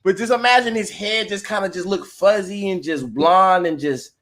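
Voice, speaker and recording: A man co-hosting a podcast, chatting casually in a lively, joking, rambling way. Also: high voice, normal speed, a little hiss or hum. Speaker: podcast co-host. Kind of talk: casual chat.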